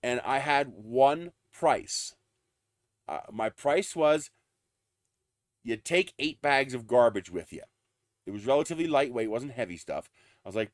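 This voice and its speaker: A man of middle pitch hosts a live stream, spinning a casual story that turns into a profane, indignant rant. He laughs along, repeats his starts, and his voice sits close and dry on the mic. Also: lively intonation, a little slow, long pauses, dry recording. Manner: indignant ranting, swears freely, laughs between lines; lots of fillers and repeated starts. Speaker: livestream host.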